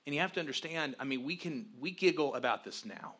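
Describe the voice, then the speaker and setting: Man co-host with a bright, lively voice, telling personal stories. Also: a little high, fast, few pauses, husky. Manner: animated, grows loud acting out past arguments. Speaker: co-host, husband telling the story. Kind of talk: candid storytelling chat.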